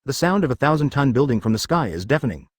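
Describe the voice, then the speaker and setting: A man's voice: medium pitch, very animated, fast, no echo. A man reading a web novel aloud as narrator, dramatic with stiff translated phrasing.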